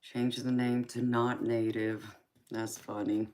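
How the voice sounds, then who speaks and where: A woman with an extremely low, dark-ish, level voice speaks slowly with a Southern American accent; she is from California and raised in Georgia. A tarot reader and live stream host, she chats casually with viewers, calling them honey and sweetheart and laughing often.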